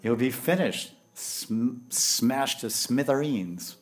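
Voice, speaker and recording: A man giving a devotional lecture in English with Sanskrit and Hindi terms, telling lively stories and swinging from hushed tones to loud bursts. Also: medium pitch, slow pace. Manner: animated, acts out voices and laughter, swings from hushed to loud. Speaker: spiritual teacher.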